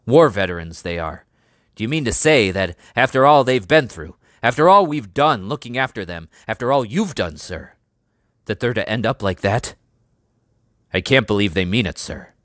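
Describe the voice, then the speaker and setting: A man's voice: fairly low pitch, lively intonation, normal speed, fairly bright tone, dry recording, studio quality. A man voicing an indignant army sergeant who protests barely politely, in a storybook reading.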